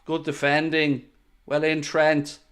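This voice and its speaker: Young man, fairly high voice, calls a match live for his stream and chats with viewers, excitable. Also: a little hiss or hum. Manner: excitable, bursts into loud groans at near misses, chatty asides to viewers. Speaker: football watchalong streamer. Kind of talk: live match commentary with chat.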